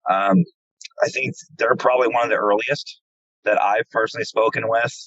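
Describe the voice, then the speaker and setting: A husky, fairly low-pitched man talks fairly quickly, sharing stories as a paranormal investigator from central Pennsylvania in an informal interview. Animated throughout, he voices quoted dialogue and repeats himself. The sound is dull, lo-fi and dry.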